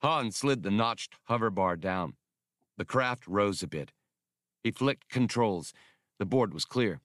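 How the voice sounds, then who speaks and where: Man narrating an animated audiobook. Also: fairly low pitch, slow, no echo, clean studio sound. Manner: animated storytelling. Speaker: audiobook reader.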